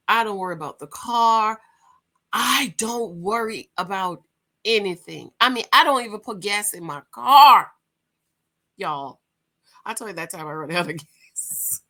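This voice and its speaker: A middle-aged woman hosting her own channel, talking to viewers in an animated, storytelling way. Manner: animated storyteller, big swings in pitch and loudness. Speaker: channel host. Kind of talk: casual vlog monologue.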